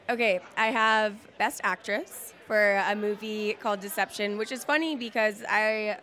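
A woman's voice: medium pitch, steady tone, measured pace, bright, forceful tone. A woman being interviewed as a guest, upbeat and bubbly, laughing between her answers. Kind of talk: casual interview chat.

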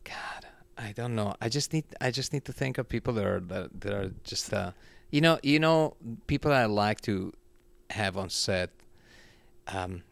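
A man with a low, gravelly voice chatting as a guest, pausing and hunting for words. The sound is dry and close, with little room around it. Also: expressive, a bit bright, no room sound. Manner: hesitant, searching for words, many fillers. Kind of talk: casual chat.

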